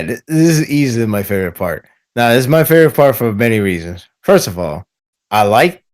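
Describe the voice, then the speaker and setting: Here is a man talking as a podcast guest, relaxed and animated in manner. He laughs often and slips into playful imitations of voices while making his points, at an ordinary middle pitch. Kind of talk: casual podcast discussion.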